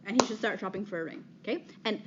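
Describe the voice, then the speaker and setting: Here a woman in her thirties talks very fast in a medium pitch, presenting on dating to an audience. She keeps things direct and conversational, tacking "okay?" onto nearly each point, in a recording that's a bit dull with faint noise behind it.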